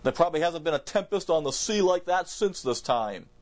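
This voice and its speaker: A man's voice: fairly high pitch, animated, a little fast. A man preaching a verse-by-verse Bible sermon in an emphatic way, repeating words and restarting phrases as he explains.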